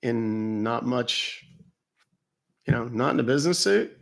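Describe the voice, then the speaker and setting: Brief: male stream host, very gravelly voice, casual and wisecracking. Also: mid-range voice, lively intonation, a little slow. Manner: joking storyteller, laughs at his own jokes. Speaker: livestream host calling scammers. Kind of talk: casual live-stream chat.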